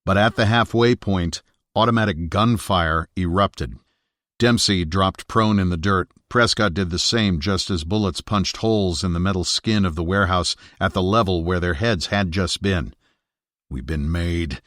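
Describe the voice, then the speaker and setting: Deep-voiced man reading a thriller. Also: no echo. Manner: steady, measured thriller reading. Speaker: audiobook narrator. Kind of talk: scripted narration.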